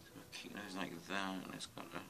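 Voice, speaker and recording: A man's voice: low voice, completely flat delivery, fairly quick, rough recording. A man giving a casual drawing tutorial, muttering and rambling to himself as he sketches. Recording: music playing underneath. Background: music.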